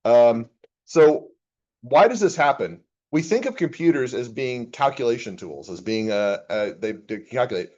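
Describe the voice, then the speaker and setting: A man's voice: mid-range voice, expressive, moderate pace, darkish tone, muffled recording. A man, an accounting professor, giving a casual classroom lecture and reading chatbot replies aloud with his own comments.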